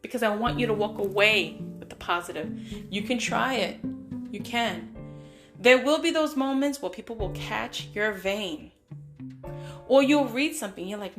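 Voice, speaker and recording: A woman's voice: on the high side, lively intonation, normal speed, music in the background. A middle-aged woman hosting a podcast, giving casual motivational talk in a direct, emphatic way straight to the listener. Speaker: podcast host.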